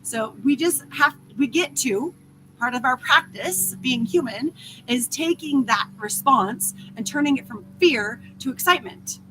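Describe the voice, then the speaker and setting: A woman hosting a casual spiritual talk who talks in an animated way, swears freely and acts out inner voices. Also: sits high, unhurried, background noise. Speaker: host.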